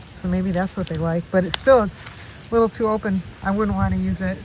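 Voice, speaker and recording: Out in the backyard with clear background noise, a woman vlogs about wildlife in a brisk, mid-range voice. She rambles casually while calling to the squirrels and chipmunks by their names.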